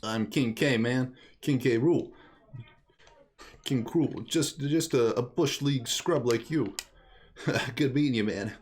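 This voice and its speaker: A man's voice: medium pitch, slow pace, pauses often, a little mellow, natural voice. A man voicing a cocky male arena fighter who talks in a loose, slangy drawl.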